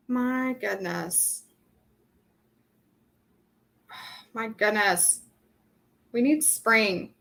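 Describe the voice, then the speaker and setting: Slow, chatty woman teaching a craft. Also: a little high, expressive, vocal fry, sharp tone. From Southern California. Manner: chatty, rambling, thinks aloud with many ums. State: dry throat. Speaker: craft workshop host. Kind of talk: casual live painting tutorial.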